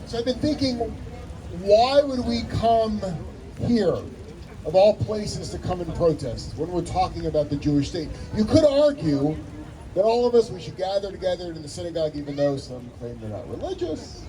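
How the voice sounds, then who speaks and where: A man, a rabbi, giving an animated speech at an outdoor rally and acting out the voices in a story he tells. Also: high voice, moderate pace, recorded from a distance, a crowd in the background, low-quality recording. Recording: outdoor rally with loud ambient noise.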